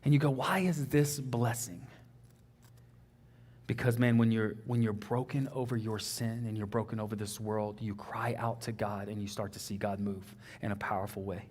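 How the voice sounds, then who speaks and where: A man's voice: lowish voice, fairly even intonation, moderate pace, darkish tone, a little hiss or hum. A young man with a Texan accent preaching a sermon in an earnest, conversational way, often saying "man" and "like".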